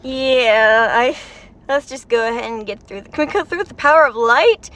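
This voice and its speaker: A woman's voice: a little high, moderate pace, fairly bright tone. A woman reacting to a game's story in casual, emotional vlog commentary, chatty and full of "like" fillers. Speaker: game story reaction vlogger.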